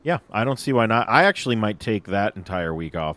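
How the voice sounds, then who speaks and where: Young guy hosting a podcast, lowish voice, laid back, lots of ums. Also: brisk. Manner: relaxed, hesitant with fillers. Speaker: podcast host. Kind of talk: casual chat.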